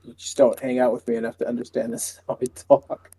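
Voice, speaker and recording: A man co-hosting a podcast, chatting casually and telling relaxed stories with an easy laugh. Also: medium pitch, fast, a little hiss or hum. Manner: relaxed storytelling, laughs easily. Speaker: podcast co-host. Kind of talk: casual chat.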